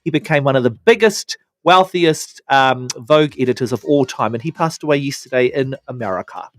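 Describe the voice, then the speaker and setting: A man with a New Zealand accent hosting a breakfast radio show, chatting excitably and gossiping with his co-host in a studio. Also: medium pitch, fairly quick. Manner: excitable, gossipy, sings out phrases. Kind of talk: casual radio banter. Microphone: studio microphone.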